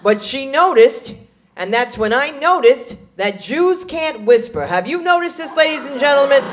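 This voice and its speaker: Brash woman stand-up comic, a little high. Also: normal speed. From USA. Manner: brash, storytelling, animated. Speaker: stand-up comedian. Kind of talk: stand-up comedy.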